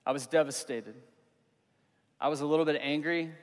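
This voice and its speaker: A man's voice: on the high side, steady tone. Earnest man preaching in a reverberant hall. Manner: earnest, conversational preaching with emphatic pauses. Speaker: pastor. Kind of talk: sermon. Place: church hall.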